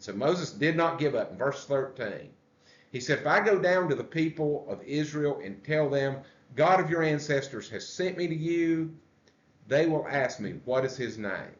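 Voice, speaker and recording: A male pastor leading a church Bible study, explaining the text slowly and putting questions to the group. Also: a little high, lively intonation. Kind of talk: conversational Bible study teaching. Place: church room. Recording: echoey room, dull lo-fi sound.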